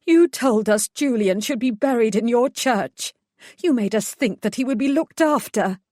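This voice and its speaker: A grieving mother gone furious, as a woman puts her on in an audiobook, her voice pushed high and loud. The accusations come raw and shrill, close and dry. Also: lively intonation, moderate pace, no room sound. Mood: accusing. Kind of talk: audiobook character voice.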